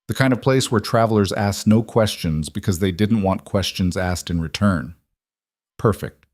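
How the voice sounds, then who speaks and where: Brief: male storyteller, low voice, measured reading, dry close sound. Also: a little mellow, dry recording. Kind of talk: scripted story narration.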